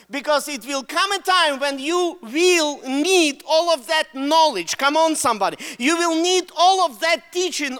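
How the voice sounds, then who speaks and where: A man's voice: very high voice, big-room sound. A man with a Russian accent preaching a sermon with energy and calling on the congregation to answer him. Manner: energetic, calls out to the congregation for responses.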